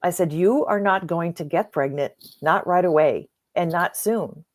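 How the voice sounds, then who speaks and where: A middle-aged woman coach appears as a podcast guest, sharing a personal story conversationally. She's earnest and animated, acting out the dialogue in a lowish voice at a slightly slow pace.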